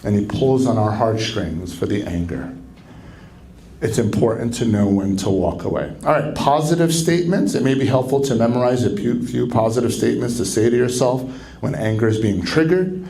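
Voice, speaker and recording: Animated man giving a conference lecture. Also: normal speed, creaky, low-quality recording. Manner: animated, acts out quoted speech with sharp pitch jumps. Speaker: marriage counselor speaking at a conference. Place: conference venue.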